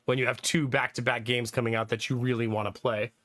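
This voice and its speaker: A man's voice: medium pitch, flat delivery, quick pace, a bit bright. A young man streaming live, rambling casually to his chat about which games he plans to play, with lots of fillers. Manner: rambling, thinking aloud, frequent fillers and laughs.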